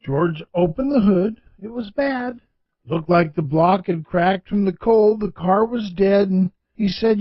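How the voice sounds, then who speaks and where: A man with a high voice narrates a storybook tale in a plainspoken, folksy manner. The recording is dry and dull, with a lo-fi sound. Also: no room sound.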